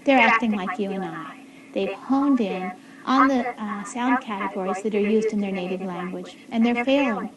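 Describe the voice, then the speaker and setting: Female explainer, measured delivery, distant and roomy, heavy crowd noise behind. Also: mid-range voice, dull audio. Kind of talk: explanatory narration.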